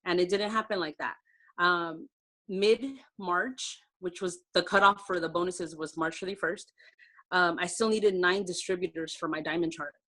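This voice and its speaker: In a lowish, bright and forceful voice with fairly even intonation and a moderate pace, a woman running a direct-sales team recounts her success story on a video call. The telling is heartfelt and conversational, sprinkled with fillers.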